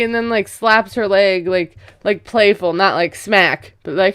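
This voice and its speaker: A woman's voice: mid-range voice, measured pace, hardly any pauses, a bit bright, smooth, dry recording, clean studio sound. A woman casually recapping a reality show, chatty and gossipy, acting out quotes and laughing as she goes. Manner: gossipy, retells scenes with quoted voices and laughs.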